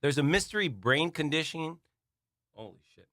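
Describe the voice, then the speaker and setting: A man co-hosting a comedy podcast who laughs often and reads headlines haltingly. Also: on the high side, lively intonation, pushed and bright, no room sound, studio quality. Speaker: co-host reading headlines. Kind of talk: casual comedic banter.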